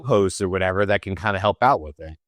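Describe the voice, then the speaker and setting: A man with a fairly low voice, chatting casually as a show co-host. He tells his story in an animated way and laughs often. The sound is dry and close. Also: fast, no room sound. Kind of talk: casual chat.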